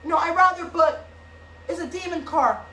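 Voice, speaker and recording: Very high-voiced woman, echoey room. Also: normal speed. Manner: switches voices, bursts into shouts. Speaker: home video creator. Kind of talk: improvised toy play voicing several characters. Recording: echoey room with faint background noise.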